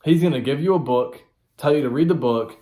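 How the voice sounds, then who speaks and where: A man's voice: a little high, a little fast, warm tone, reverberant. Guy doing a solo motivation podcast, blunt, swears a lot, repeats himself to drive it home. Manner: blunt, profane and repetitive for emphasis. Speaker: podcast host.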